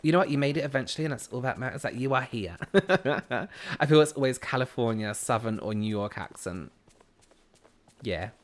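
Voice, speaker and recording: A man's voice: mid-range voice, animated, moderate pace. A man from the United Kingdom streaming a game, chatting casually and answering viewer comments as he plays. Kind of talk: casual live-stream chat.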